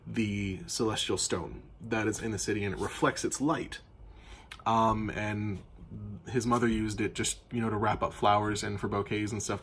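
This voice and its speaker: A man's voice: on the low side, fairly bright tone, slight background noise. A man game master recapping a tabletop campaign in casual, rambling storytelling with lots of fillers.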